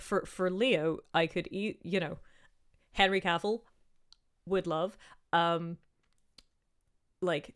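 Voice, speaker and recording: A woman in her thirties with a softened Northern Irish accent, chatting casually as she answers viewer questions on a livestream, rambling with plenty of "um" and "like". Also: fairly low pitch, smooth. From Northern Ireland. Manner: chatty and rambling, with many "um" and "like" asides.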